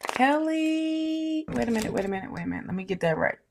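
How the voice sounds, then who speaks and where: Woman, tarot show host, casual chat, higher voice, bouncy intonation, playful. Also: expressive, brisk, background noise. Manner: playful, giggly banter. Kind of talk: casual live-stream chat.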